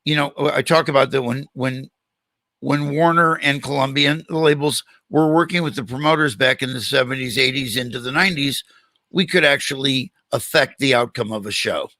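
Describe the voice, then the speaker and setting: Older male host and animated storyteller, bright tone, dry studio sound. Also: mid-range voice, normal speed, no room sound. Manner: animated storyteller, acts out quoted dialogue. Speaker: podcast host. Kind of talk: storytelling in a casual interview.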